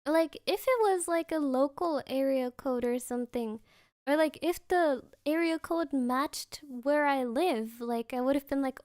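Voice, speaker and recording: A young woman with a high voice chats unhurriedly from home, excitable and quick to laugh. She leans on fillers as she tells a story, and the sound is close and dry with no room around it. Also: no room sound. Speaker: streamer. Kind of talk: casual storytelling chat. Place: at home, creaky floor.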